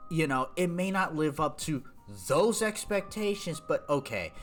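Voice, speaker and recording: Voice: mid-range voice, animated, a little slow, soft background music. A streamer chatting casually about a video game, rambling with lots of fillers and restarts.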